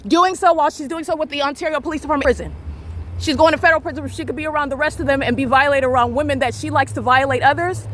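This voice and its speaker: Fast-talking high-voiced woman ranting. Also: a bit bright, slight background noise. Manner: accusatory, repetitive, rapid ranting. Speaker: vlogger filming in public. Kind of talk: confrontational self-filmed commentary.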